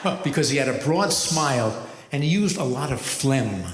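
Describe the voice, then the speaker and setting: A man in his seventies, a rabbi doing stand-up comedy, telling stories with a wry, measured delivery and deadpan punchlines. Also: mid-range voice, noisy background. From United States. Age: 70s. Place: large hall with a live audience. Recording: echoey hall from far off.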